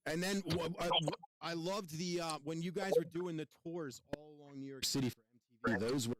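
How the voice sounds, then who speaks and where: A man with a fairly high voice hosts a casual podcast over a remote call. He gushes like an excited fan, laughs easily and curses often. The sound is dry. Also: dry recording. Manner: enthusiastic fan, quick to laugh, swears freely. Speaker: podcast host.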